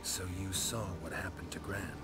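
A man voicing a terse, stoic male monster hunter in a video game, speaking in low clipped lines. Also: fairly even intonation, moderate pace, a bit bright. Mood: gruff. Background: game music.

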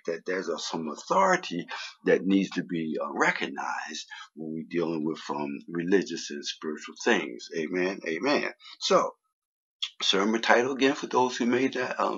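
Guy preaching, real low gravelly voice, husky, dull lo-fi stream sound. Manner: builds up loudly on key phrases, many fillers. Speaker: guest preacher. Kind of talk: sermon and prayer.

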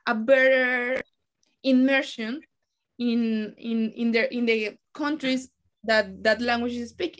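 A woman from Colombia with a Colombian Spanish accent, speaking English as a guest on an online interview panel, telling her story with lots of restarts. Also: on the high side. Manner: animated storytelling with frequent restarts. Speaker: language content creator, guest.

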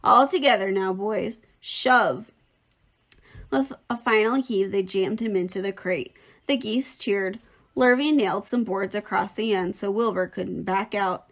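A woman teacher reading a children's novel aloud in a clear, expressive storytelling voice. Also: medium pitch, normal speed.

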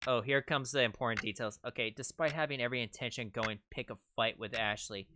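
A man's voice: mid-range voice, fairly quick, noisy background. A man streaming a game, reading its text aloud and reacting with casual swearing. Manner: swears freely, excitable reactions. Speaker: VTuber streamer.

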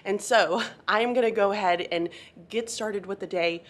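Chatty, nervous-sounding teacher woman. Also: mid-range voice. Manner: quick, chatty and upbeat, a little nervous. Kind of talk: casual vlog chat. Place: her classroom.

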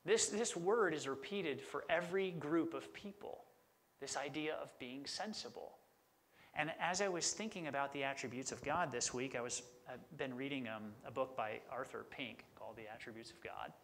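A man's voice: medium pitch, moderate pace, a bit bright. A middle-aged man preaching a sermon as a pastor, conversational and enthusiastic about word meanings.

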